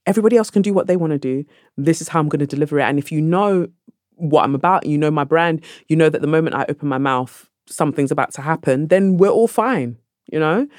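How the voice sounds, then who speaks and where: A woman guest on a podcast, telling stories in a lively conversational way and acting out the people in them. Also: deep voice, quick pace, no echo, studio quality. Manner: animated, acts out voices in her anecdotes. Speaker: podcast guest, actress and author.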